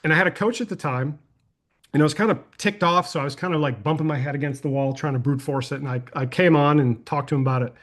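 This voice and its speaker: An energetic man hosts a live coaching call and answers attendee questions in a folksy, conversational way. His voice sits a little high for a man, and he talks with loose, friendly enthusiasm. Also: fast talker. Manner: energetic and folksy, uses "y'all", tells anecdotes. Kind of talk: casual webinar Q&A.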